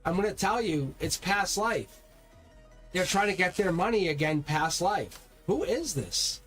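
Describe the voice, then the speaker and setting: Male tarot streamer, fairly high voice, rambling and heated, faint music underneath. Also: measured pace, a bit bright. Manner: talks straight to viewers, swears when heated; rambling, repeats words and restarts. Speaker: tarot reader. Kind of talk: live-stream tarot reading.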